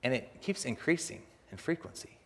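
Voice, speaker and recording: A young man preaching a sermon, telling a personal story in an animated way and acting out the other people's voices, laughing often. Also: mid-range voice, moderate pace, vocal fry. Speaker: pastor. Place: church sanctuary. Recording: long reverb of a church hall.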